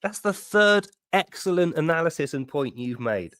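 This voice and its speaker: A blunt British man hosting a live debate, cursing freely. His pitch swings a lot as he argues. The sound is dry and close. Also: moderate pace, dry recording. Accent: British English. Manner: blunt, swearing, animated. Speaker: host.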